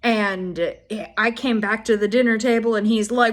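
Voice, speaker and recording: A young woman with a fairly high voice tells funny stories to her viewers. She talks in a loose, animated way. She swears freely and laughs along as she goes. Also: moderate pace. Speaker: vlogger. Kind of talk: casual storytime.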